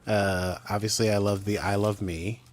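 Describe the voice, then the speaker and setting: A man with a fairly low voice chats on a podcast, playful and prone to rambling. He drifts into jokey asides and easygoing banter with his co-host. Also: little pitch movement, moderate pace, slight background noise. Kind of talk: casual chat.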